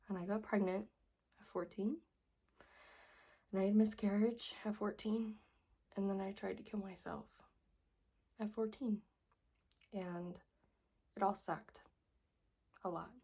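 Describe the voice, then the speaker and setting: A woman's voice: medium pitch, gravelly, warm tone, breathy edge. A young woman telling her personal story in a vlog, emotional and earnest, tearful as she pleads with viewers. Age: young adult. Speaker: vlogger.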